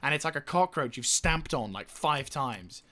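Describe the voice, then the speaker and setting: A young man with a bright, sharp voice talks through his strategy game. He swears freely and rants at the enemy, then drops back to muttering over menus. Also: medium pitch, animated, moderate pace. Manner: profane, ranting, venting frustration. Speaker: gaming YouTuber. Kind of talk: let's play commentary.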